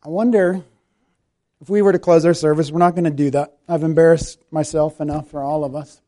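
Male pastor, slightly higher voice with a relaxed, warm tone. Chatty sermon delivery, self-effacing, soft prayerful ending. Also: brisk. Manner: conversational, self-deprecating preaching that softens to a quiet prayerful close. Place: church sanctuary.

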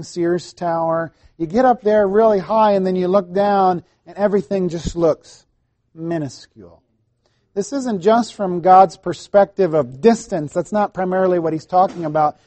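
Middle-aged pastor guy, high voice, dry close sound, chatty sermon w/ stumbles. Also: darkish tone, dry recording. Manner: conversational preaching with asides and restarts.

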